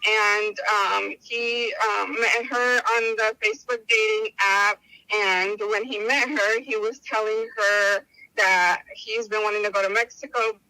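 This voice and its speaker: A woman working as an interpreter who speaks in a measured way and hesitates with fillers. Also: medium pitch, fairly even intonation, pushed and bright, clear, resonant tone, no room sound, rough recording.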